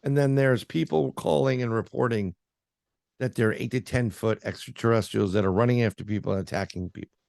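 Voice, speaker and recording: A man's voice: mid-range voice, a little fast, gravelly, a little mellow, no echo, studio quality. A man being interviewed as a paranormal researcher, telling a story in a casual, rambling way with lots of fillers and restarts.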